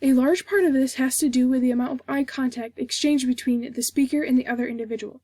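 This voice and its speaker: A young woman with a high yet mellow voice delivers a prepared class speech, steady and formal as she reads from her script. Her tone is a little husky, and the recording is dry and close, with no room sound. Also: fast talker, no room sound. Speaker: student giving a class speech. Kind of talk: read informative speech.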